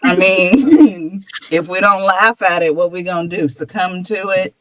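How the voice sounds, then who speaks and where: A man's voice: high-pitched, measured pace, noisy background. A man hosting a casual podcast chat, wry and stretching words out for emphasis. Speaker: podcast host.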